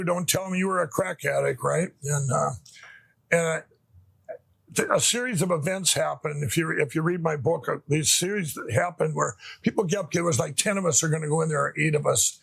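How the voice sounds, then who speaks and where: A man's voice: fairly high pitch, gravelly, fairly bright tone, husky, dry recording. A middle-aged man telling his personal story in an interview, rambling with frequent restarts and emotional asides. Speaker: interview guest. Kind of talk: conversational storytelling.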